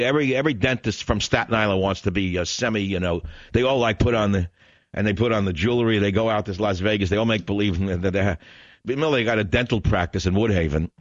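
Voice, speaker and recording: A man's voice: lowish voice, lively intonation, quick pace, no room sound, muffled recording. A man hosting a talk radio show, ranting and sarcastic in a combative monologue.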